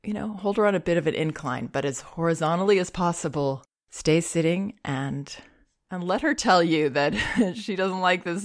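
A woman calmly giving parenting advice, gentle and reassuring, with soft laughs. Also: lowish voice, moderate pace. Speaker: parenting advisor. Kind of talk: advice talk.

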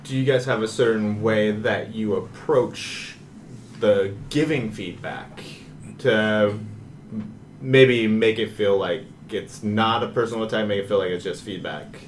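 A man's voice: on the low side, steady tone, measured pace, slight background noise. A man hosting a casual panel, asking easygoing questions. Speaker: host.

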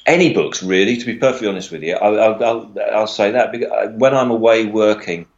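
A man's voice: fairly low pitch, brisk. A middle-aged man with a southern English accent, chatting casually as a podcast guest, rambling, restarting and laughing as he goes. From England. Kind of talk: casual chat. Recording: dull lo-fi sound.

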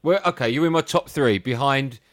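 A man's voice: medium pitch, fairly quick, no echo. A man hosting a sports radio show, chatty and jokey. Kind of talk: casual radio chat.

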